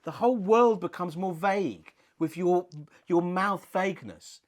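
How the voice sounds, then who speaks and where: A man's voice: high-pitched, a little slow. A man co-hosting a comedy podcast in a studio, pedantic and argumentative. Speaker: podcast co-host. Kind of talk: casual comedy banter. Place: rented studio.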